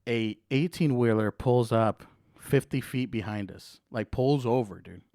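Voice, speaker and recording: A man's voice: mid-range voice, measured pace, mellow, no room sound, clean studio sound. A young man hosting a podcast, telling a story in a loose, profane way, full of "dude" and "bro". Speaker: podcast host. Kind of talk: casual podcast chat.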